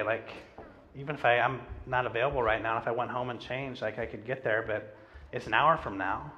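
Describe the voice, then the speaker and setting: A middle-aged pastor preaches in a church sanctuary, his mid-range voice fairly quick, pushed, and bright, though the recording is muffled. His sermon is casual and built on personal stories, with self-deprecating humor and plenty of filler words.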